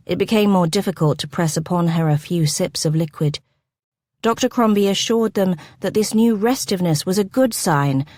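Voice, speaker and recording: Woman reading a romance audiobook, lowish voice, dry close sound. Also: a little mellow, no echo. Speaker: audiobook narrator. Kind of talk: scripted narration.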